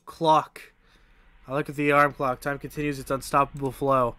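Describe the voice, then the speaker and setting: A man's voice: mid-range voice, little pitch movement, moderate pace, bright, forceful tone, no room sound. A man streaming a game, reading its text aloud and breaking in with sarcastic, swearing asides.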